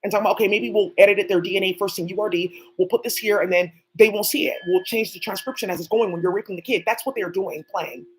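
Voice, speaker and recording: A woman hosting her own channel delivers a rapid, rambling, off-the-cuff monologue full of profanity, talking to people who aren't there. Her voice is medium in pitch with fairly even intonation. The audio is poor, with slight background noise.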